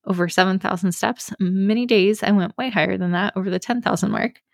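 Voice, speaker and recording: A woman's voice: medium pitch, fairly quick, gravelly, no room sound, studio quality. A young adult woman hosting her own podcast, talking candidly and confessionally in a personal solo episode, with plenty of fillers. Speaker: podcast host.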